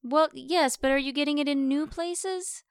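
A woman playing the host's dry, teasing wife, needling him in a deadpan way. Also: high voice, moderate pace, dry recording. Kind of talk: improvised comedy podcast.

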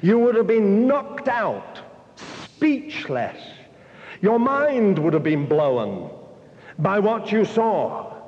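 A man preaching at a slow, deliberate pace in a fairly high voice, piling up long repeated lists and turning straight to his listeners. The sermon rings through a large hall on a dull, muffled recording. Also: very animated, a little mellow. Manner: addresses listeners directly.

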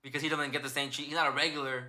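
A man's voice: a little high, flat delivery, racing, sharp tone. A young man hosting a podcast in casual chat, rambling and swearing as he retells stories. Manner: rambling, profane, retells stories with put-on quotes. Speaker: podcast host.

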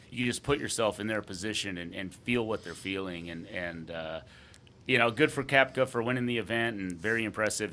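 Guy co-hosting a sports podcast, low voice but bright and punchy, keeps saying uh and man. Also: slight background noise. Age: adult father. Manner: rambling storyteller, heavy fillers like "uh" and "man". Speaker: podcast co-host. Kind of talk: casual sports chat.

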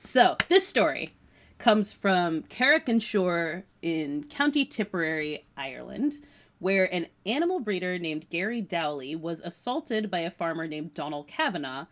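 A woman's voice: fairly low pitch, big pitch swings, a little slow. A woman from the United States co-hosting a podcast, chatting casually and reading out a news story with lots of "like" and laughter. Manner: chatty, laughs often, fills with "like". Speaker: podcast co-host.

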